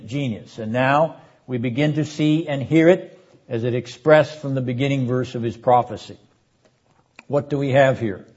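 An older man delivers a classroom lecture on scripture at a middle pitch, measured and emphatic. The recording is dull and lo-fi. He stresses key words for his students. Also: a little mellow. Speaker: seminary lecturer.

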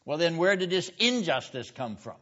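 A man's voice: fairly high pitch, sing-song, moderate pace, fairly bright tone. A man teaching a seminary classroom lecture, stressing his points with rhetorical questions and calling on students by name. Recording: dull lo-fi classroom recording.

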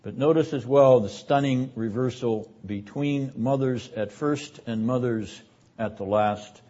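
An older man teaching a seminary class on scripture in a measured, deliberate lecture style. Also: mid-range voice, dark tone. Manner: measured, deliberate delivery, rising in force for quoted verses. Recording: dull lo-fi lecture recording.

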